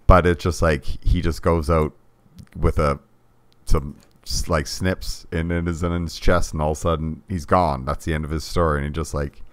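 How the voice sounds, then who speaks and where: Man, extremely deep voice, rambling casual talk, dry close recording. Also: steady tone, moderate pace, no echo. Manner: rambling, many "like" fillers, trailing off softly. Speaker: podcast co-host. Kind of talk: casual movie discussion.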